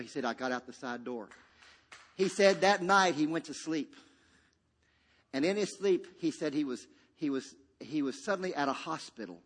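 A male pastor preaching a sermon, swinging between loud, shouted peaks and hushed, quiet passages, and calling on the congregation to repeat after him. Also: a little high. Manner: dynamic preacher with sudden shouts and hushed drops, call-and-response. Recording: long reverb of a large hall.

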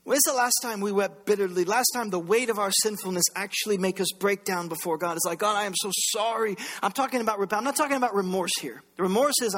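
A man preaching a sermon as pastor, impassioned, swinging between loud bursts and hushed lines. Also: sits high. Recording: long reverb of a large hall.

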